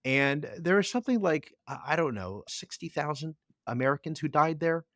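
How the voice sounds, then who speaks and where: A middle-aged man co-hosting a casual podcast sounds animated, his slightly high, somewhat bright voice moving at a moderate pace. He rambles through a long story with many restarts and repeated words. The studio audio is clean, without room sound.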